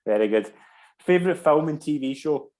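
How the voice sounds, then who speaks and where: A man hosting an interview, briskly moving through questions with short affirmations. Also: on the high side, expressive, a little mellow. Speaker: host. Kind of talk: casual interview.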